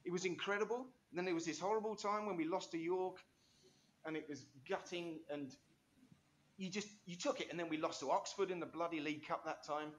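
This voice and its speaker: A man with a high voice speaks briskly over slight background noise. He's an interview guest telling rambling, enthusiastic stories packed with restarts and asides, in an animated storytelling interview.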